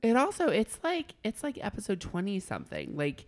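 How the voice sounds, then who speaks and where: A woman in her thirties co-hosting a casual podcast chat, blunt and quick to swear, with a few hesitant fillers. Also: medium pitch, huge pitch swings. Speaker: podcast co-host.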